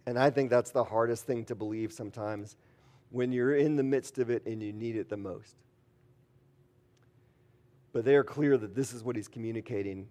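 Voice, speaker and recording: A man's voice: mid-range voice, moderate pace, pauses often, a little mellow. A man preaching an earnest sermon as pastor, telling stories and acting out quotes. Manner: earnest, storytelling with acted quotes.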